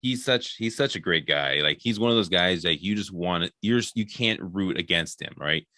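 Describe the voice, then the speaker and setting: A man's voice: low voice, lively intonation, moderate pace, sharp tone, no echo, studio quality. A man hosting a podcast, chatting enthusiastically in a rambling way with many fillers. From American Midwest. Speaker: podcast host. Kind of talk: casual interview chat.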